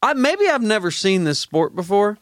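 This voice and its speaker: An actor playing an excitable, incredulous small-town man who hosts an improv comedy podcast. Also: sits high, normal speed, no room sound, studio quality. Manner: incredulous, rambling, swings up and down. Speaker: host.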